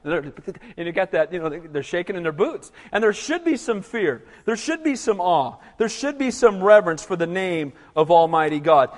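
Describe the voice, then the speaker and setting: High-voiced animated preacher in a hall. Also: male voice. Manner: animated, conversational preaching with frequent "Amen?" calls. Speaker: pastor. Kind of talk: sermon.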